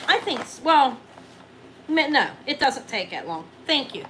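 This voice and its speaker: A middle-aged woman running a live jewelry auction, chatting excitably and counting down each sale. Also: sits high, unhurried, background noise. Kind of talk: live-stream sales chat.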